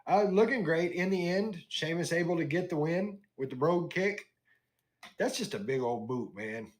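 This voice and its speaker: Animated man recapping wrestling. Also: fairly high pitch, moderate pace. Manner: animated storytelling, acts out wrestlers' lines. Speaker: podcast host. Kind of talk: casual wrestling recap chat.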